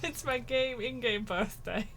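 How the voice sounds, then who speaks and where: A woman's voice: on the high side, measured pace, background noise. A woman co-hosting a gaming stream, chatting casually with frequent giggles. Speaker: streamer co-host.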